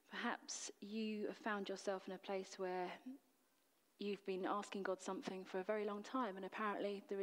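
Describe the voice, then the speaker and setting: A woman's voice: mid-range voice, big-room sound. A woman preacher delivering a sermon in an earnest, emphatic way, full of rhetorical questions. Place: church.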